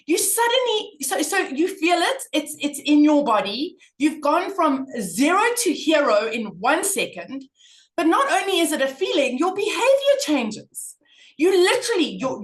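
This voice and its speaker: High-voiced, emphatic middle-aged woman. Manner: emphatic, animated storytelling with repetition. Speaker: parenting guest speaker. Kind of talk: conversational interview.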